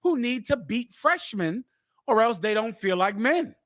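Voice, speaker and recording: A man hosting a talk show, giving forceful preaching commentary and repeating phrases for emphasis. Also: very high-pitched, sing-song, unhurried, no echo. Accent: American.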